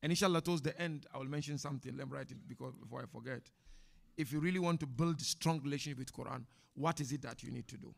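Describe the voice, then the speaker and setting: A man, a sheikh, giving a chatty, animated religious talk to an audience in a mosque and taking their questions. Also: mid-range voice, quick pace, gravelly. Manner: animated, chatty teacher with laughs and asides. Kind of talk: informal religious lecture with Q&A. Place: mosque hall before an audience.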